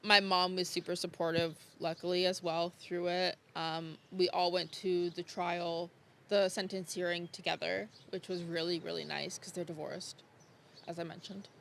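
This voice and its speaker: A woman's voice: fairly low pitch, flat delivery, moderate pace, creaky, a little hiss or hum. A young woman guest on a podcast, telling her story frankly and casually, swearing freely and laughing off hard memories. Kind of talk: candid conversational storytelling.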